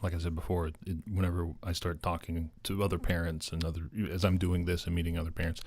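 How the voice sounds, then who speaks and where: Deep-voiced man hosting an interview. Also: little pitch movement, fast, darkish tone, dry recording. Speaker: interview host. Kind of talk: casual conversational interview.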